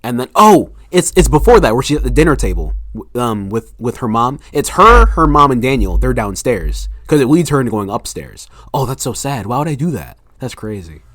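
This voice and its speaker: A man's voice: mid-range voice, brisk, hardly any pauses, no room sound, clean studio sound. A young man, an author guest on a podcast, chatting casually and acting out scenes from his own book. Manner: animated storyteller, acts out scenes with quoted voices.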